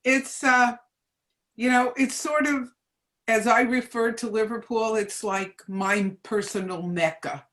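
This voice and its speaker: Slow, hesitant older woman. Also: on the high side, fairly even intonation, fairly bright tone. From New Jersey, US. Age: 70s. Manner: hesitant, many ums and restarts. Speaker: guest. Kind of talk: casual reminiscing chat.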